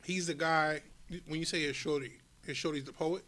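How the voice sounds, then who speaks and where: A man with a notably high voice takes part in a casual podcast chat. He asks a lot of questions and often stumbles and restarts as he speaks. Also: steady tone, bright, forceful tone. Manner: inquisitive, halting.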